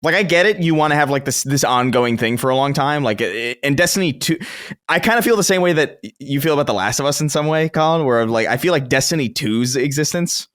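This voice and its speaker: Animated man chatting on a podcast. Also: on the high side, quick pace. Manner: animated, swears casually, laughs often. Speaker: podcast co-host. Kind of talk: casual chat.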